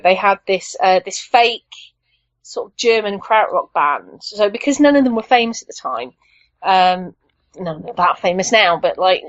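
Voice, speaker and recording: A woman's voice: medium pitch, no echo, lo-fi sound. A woman guest on a podcast, chatting enthusiastically and rambling with plenty of fillers. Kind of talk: casual chat.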